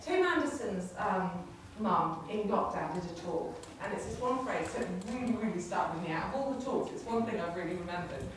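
A woman's voice: mid-range voice, animated, brisk, hardly any pauses. A woman giving a chatty church talk to a congregation, often laughing. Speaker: preacher. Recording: echoey hall, distant mic, faint noise.

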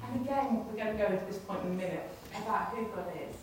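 A woman's voice: a little high, lively intonation, fast, hardly any pauses. A woman giving a chatty church talk to a congregation, often laughing. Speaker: preacher. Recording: echoey hall, distant mic, faint noise.

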